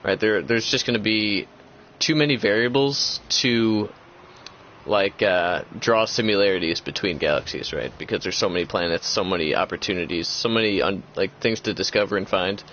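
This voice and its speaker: A young man with a lowish voice talks casually as the host of a gaming chat, rambling and circling back with many fillers and restarts. The recording sounds dull and lo-fi. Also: moderate pace, fairly bright tone, slight background noise.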